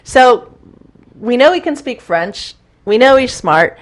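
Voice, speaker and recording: A woman's voice: on the high side, expressive, takes it slowly. A woman with a Southern US accent hosting an interview and asking leading questions. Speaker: host. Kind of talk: talk show interview.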